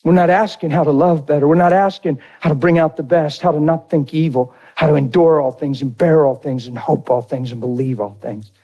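A middle-aged man preaching a sermon, telling a personal story with animated, emotional delivery. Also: brisk, hardly any pauses, highs cut off, faint music behind. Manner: animated and emotional, voice jumping high when quoting his crying wife.

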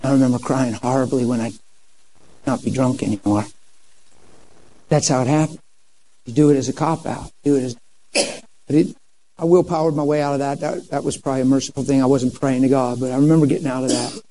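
A man in his fifties telling his life story in a sermon, animated and acting out what people said. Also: mid-range voice, fairly quick, pauses often, poor audio. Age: 50s. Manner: animated storytelling, acts out quoted dialogue. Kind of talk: sermon testimony.

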